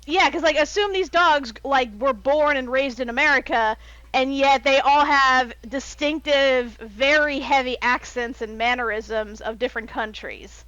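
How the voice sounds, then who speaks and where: A woman with a fairly high voice talks casually as a podcast co-host. The sound is dull and dry, with no room around it. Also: unhurried, fairly bright tone, dry recording. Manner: chatty, many fillers. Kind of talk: casual chat.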